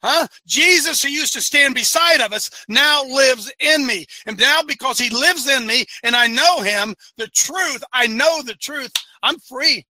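A man with an extremely high, piercing, tense voice preaches to his audience with fire and often breaks into shouts. The sound is dry and close. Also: unhurried, few pauses, dry recording. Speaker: host and preacher of an online show. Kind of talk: impassioned preaching to a live audience.

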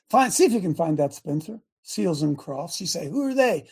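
A man hosting a talk show in a preachy, rambling rant. He swings from loud outbursts to low asides and restarts his sentences often. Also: expressive, moderate pace, vocal fry, breathy edge. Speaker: show host.

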